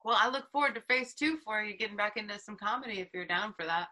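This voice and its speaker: A young woman hosting a casual podcast chat, playful and quick to laugh. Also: medium pitch, a crowd in the background. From North Carolina. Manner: giggly, playful. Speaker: podcast host.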